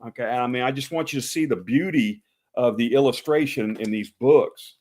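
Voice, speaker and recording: A man's voice: mid-range voice, fairly quick, a little mellow. A man with an East Texas accent hosting a live chat show, rambling with lots of fillers and restarts. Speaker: host.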